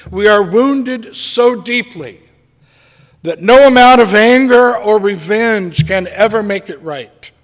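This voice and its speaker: A man preaching a sermon as a pastor, slow and deliberate with dramatic pauses. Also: sits high, in a large hall.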